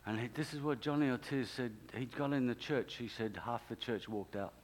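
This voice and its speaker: A man's voice: medium pitch, normal speed. A man, preaching a sermon as a pastor and telling a story with emphatic, repeated key phrases.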